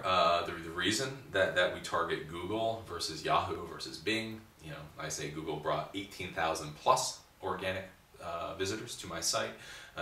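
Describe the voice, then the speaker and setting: Forceful, blunt man lecturing in a roomy space. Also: low voice. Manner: blunt, emphatic, repeats words as he talks. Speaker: computer instructor. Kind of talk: recorded tech class lecture. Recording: roomy sound from mic distance with faint hiss.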